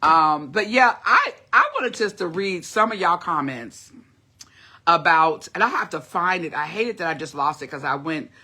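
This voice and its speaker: A middle-aged woman chats loosely with her viewers in a livestream, rambling and calling them y'all. Her voice is bright and forward. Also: lowish voice, lively intonation, normal speed. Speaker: vlogger. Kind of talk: casual livestream chat.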